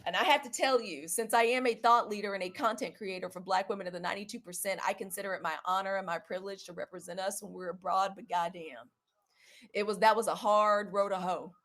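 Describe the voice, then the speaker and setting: Young woman, livestream host, chatty and animated, mid pitch. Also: quick pace. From Southern US (Mississippi). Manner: chatty and animated, says y'all, quotes others in lively put-on voices. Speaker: host of a live video. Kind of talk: casual livestream monologue.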